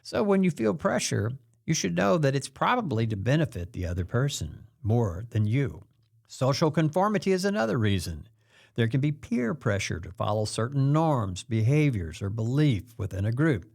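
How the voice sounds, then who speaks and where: A man hosts a self-help talk in a calm, explanatory way. His voice is mid-pitched but moves a lot, rising and falling freely. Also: normal speed, vocal fry. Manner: calm explanatory delivery, acts out quoted pressure lines. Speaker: host.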